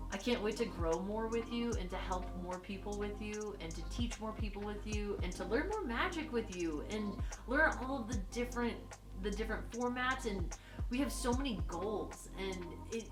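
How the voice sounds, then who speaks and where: A woman's voice: mid-range voice, reverberant. A young woman giving an earnest, sincere message of thanks to her best friend and co-host, swearing casually.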